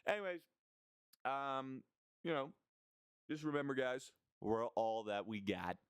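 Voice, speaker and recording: A man's voice: medium pitch, measured pace, smooth, dry recording. A young man vlogging in a rambling, mock-serious monologue, tossing in "bro" and "right?" as he goes. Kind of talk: casual rambling monologue to camera.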